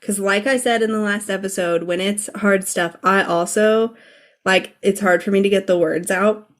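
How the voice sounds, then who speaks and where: A woman's voice: medium pitch, fairly even intonation, moderate pace. A woman co-hosting a podcast in casual chat, stuffy-nosed from a cold, emotional and swearing freely. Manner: emotional, swears casually, acts out quoted lines. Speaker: podcast co-host.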